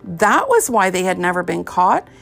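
A woman's voice: on the low side, moderate pace, creaky, soft background music. Woman reading a children's storybook. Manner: expressive, lively storytelling. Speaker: audiobook narrator.

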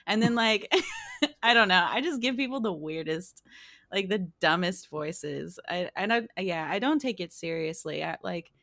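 A woman's voice: fairly low pitch, expressive, moderate pace, bright, forceful tone, no room sound, studio quality. A woman being interviewed about her streaming, chatting casually, laughing often and restarting her sentences. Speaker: streamer guest.

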